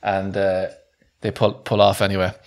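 Male podcast co-host, slightly low voice, rambling casual storyteller who laughs a lot. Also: completely flat delivery, normal speed, creaky. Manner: rambling storyteller, laughing often, restarts mid-sentence. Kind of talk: casual anecdote telling.

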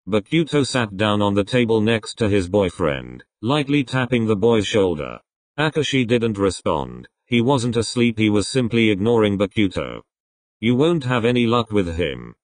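A man reading a fan-written text-chat story aloud, in an animated storytelling manner. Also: fairly low pitch, normal speed, dry recording. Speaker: reader.

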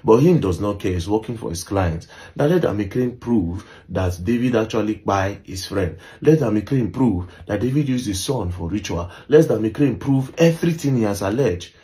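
A man's voice: fairly low pitch, animated, moderate pace, hardly any pauses, dark tone. A young adult man with a Nigerian accent telling a story in casual talk, mixing Pidgin and English and often asking "you understand?". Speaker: social media commentator.

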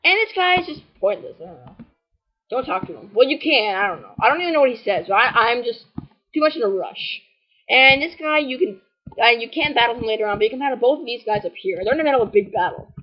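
A woman's voice: a little high, expressive, quick pace. A woman giving casual, rambling and playfully snarky commentary while playing a video game. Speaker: gamer recording a walkthrough. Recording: dull lo-fi recording.

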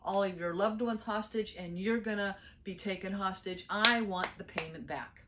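A woman's voice: mid-range voice, moderate pace, pushed and bright, close to an everyday voice. A woman voicing a stern male king who demands repayment and passes judgement.

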